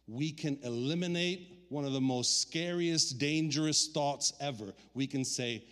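A man preaching a sermon as pastor, animated, acting out quoted voices and dropping low and quiet for inner thoughts. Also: unhurried, few pauses, smooth. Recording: long hall reverb.

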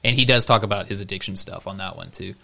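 Casual podcast co-host, a man with a bright, slightly low voice who acts out what others said. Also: fast, gravelly. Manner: chatty storyteller, acts out quotes. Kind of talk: casual chat.

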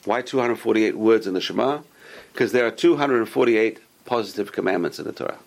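Gravelly-voiced man teaching a Torah class. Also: fairly low pitch, fairly quick, a little mellow. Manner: explanatory, repeats points, asks and answers his own questions. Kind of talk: casual Torah lesson.

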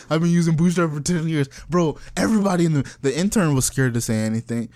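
A young man, a software developer, telling a work story in casual chat. He is animated and profane, laughs often and acts out the people he quotes. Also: a little high, fast, hardly any pauses. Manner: animated, laughs often, breaks into cackles mid-sentence.

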